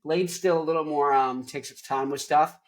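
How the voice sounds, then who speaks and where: A young man hosts his own show and rants casually about movies. He rambles in an animated way and scatters "like" through his sentences. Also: a little high, normal speed. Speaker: host.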